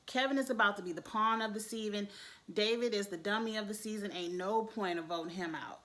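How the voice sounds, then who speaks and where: A woman giving blunt, animated commentary on a reality show, swearing and speaking straight to her viewers. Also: medium pitch, brisk. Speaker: youtube reality show reviewer. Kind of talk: casual commentary.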